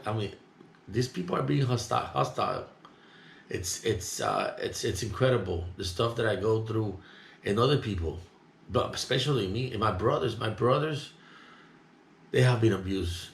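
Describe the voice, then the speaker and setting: Indignant low-voiced man, rambling. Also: moderate pace, gravelly, a little hiss or hum. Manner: rambling, indignant, talks loud. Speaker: vlogger. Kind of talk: casual monologue, recounting an incident. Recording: roomy echo.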